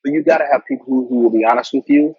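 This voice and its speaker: Husky middle-aged man giving career advice. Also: medium pitch, fairly even intonation, rapid-fire, dry recording. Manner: earnest, advice-giving, with frequent repeated words. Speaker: interview guest, corporate marketing executive. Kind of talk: casual conversational interview. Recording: dull, lo-fi sound.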